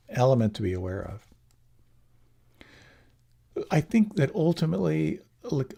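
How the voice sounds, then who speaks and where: A man giving a relaxed, reflective meditation talk, often letting his phrases trail off softly. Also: fairly low pitch, gravelly, husky. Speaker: meditation teacher. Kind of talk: dharma talk.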